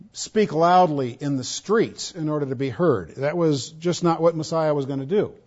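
A pastor preaching an expository sermon, stressing points loudly and then dropping to quiet asides. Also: male voice, on the high side, lo-fi sound. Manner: emphatic, swinging between loud stresses and quiet asides.

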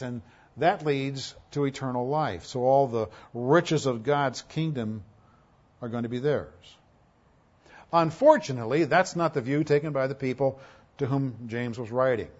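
A man preaching a sermon as a pastor, emphatic, with rhetorical questions and a delivery that swings between loud and soft. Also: mid-range voice, muffled recording.

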